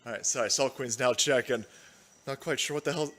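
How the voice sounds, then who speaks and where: A man's voice: mid-range voice, brisk, fairly bright tone. A man hosting a casual live-stream show from home, rambling loosely with crude jokes and frequent laughter. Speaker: livestream show host.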